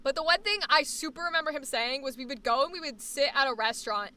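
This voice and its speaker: A woman's voice: sits high, fast talker, pushed and bright. An American woman live streaming, chatting casually and rambling, with plenty of swearing. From United States. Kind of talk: casual chat.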